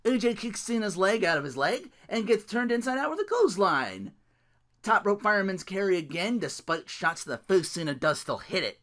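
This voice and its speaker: Lively laughing man recapping matches. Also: high voice, normal speed. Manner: laughs often, swears, animated play-by-play. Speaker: podcast host recapping wrestling events. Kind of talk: casual solo recap with impressions.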